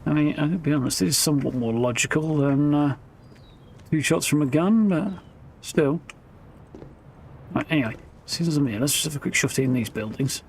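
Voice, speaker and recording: A man's voice: a little high, moderate pace, a little hiss or hum. A man giving casual, wry commentary while live-streaming a video game. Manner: wry, chatty, self-mocking.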